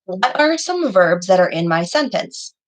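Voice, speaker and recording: A woman's voice: medium pitch, very animated, a little slow, poor audio. A woman teaching young children in an online class over a video call, patient and encouraging, praising her students by name. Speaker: elementary school teacher.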